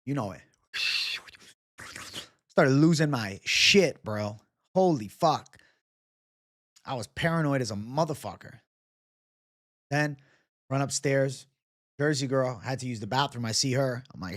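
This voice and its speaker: A man's voice: mid-range voice, normal speed, long pauses. A young man hosting a livestream, chatting casually with viewers and telling rambling, profane stories. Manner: profane, rambling storyteller, talks to chat. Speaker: livestream host.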